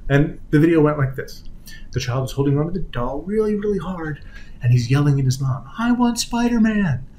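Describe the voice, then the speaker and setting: A man's voice: a little high, a little fast, slight background noise, poor audio. Man giving a clinical lecture. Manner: explanatory, acts out quoted voices, trails off softly at ends of phrases. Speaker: physical therapy lecturer. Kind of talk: conference lecture.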